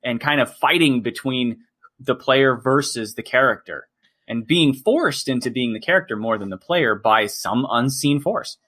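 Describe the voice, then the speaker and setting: A man on a casual podcast who jumps in with enthusiastic takes and laughs readily. His pitch swings widely as he talks, giving his speech an animated bounce. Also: normal speed. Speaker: podcast co-host. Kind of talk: casual chat.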